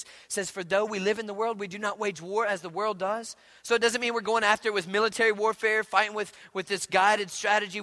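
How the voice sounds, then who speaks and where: Male pastor, thirties, high bright voice; sermon that drops to hushed anecdotes and climbs to forceful proclamations. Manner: swings from hushed storytelling to loud emphatic preaching.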